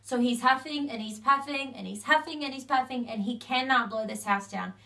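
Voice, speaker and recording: Young woman chatting thru a fairy tale, kinda high voice, bit far from the mic. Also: brisk, creaky, bright, forceful tone. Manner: chatty, strings sentences with "so" and "you know". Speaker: storyteller. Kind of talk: casual fairy-tale retelling.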